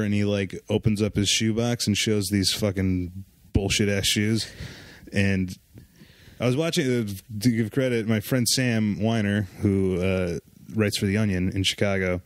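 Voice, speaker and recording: A man's voice: lowish voice, steady tone, moderate pace, dry recording. A man in his thirties chatting as a podcast guest, sardonic and rambling with lots of fillers. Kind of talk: casual podcast chat.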